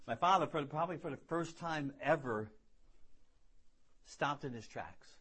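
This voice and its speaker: A man preaching a sermon and telling his own story earnestly, rising to loud emphasis and dropping to hushed lows, often repeating words as he builds. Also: expressive, measured pace, slightly rough. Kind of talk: sermon with personal testimony.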